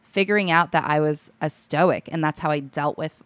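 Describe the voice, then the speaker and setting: Chatty young woman, smooth low voice. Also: normal speed, fairly bright tone, no room sound. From Alaska. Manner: chatty, laughs often, many likes and restarts. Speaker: podcast guest, comedy writer. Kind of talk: casual chat.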